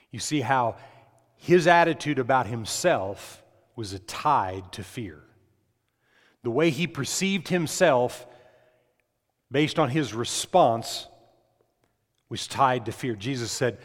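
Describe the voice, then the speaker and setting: A man's voice: mid-range voice, lively intonation, slow, pauses often. Preaching man in a reverberant hall. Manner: emphatic preaching, asks the congregation questions. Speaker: pastor. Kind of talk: sermon.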